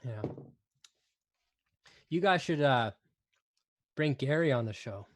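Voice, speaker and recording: A man's voice: mid-range voice, lively intonation, slow pace, a little hiss or hum. A man who is the guest on a casual live hangout, talking in an easygoing way with frequent laughs.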